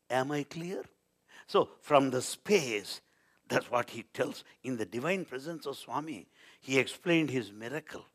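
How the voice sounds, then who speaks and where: A man telling devotional stories as a spiritual speaker, swinging between loud declarations and quiet asides. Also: medium pitch, animated, unhurried. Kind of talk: devotional storytelling talk.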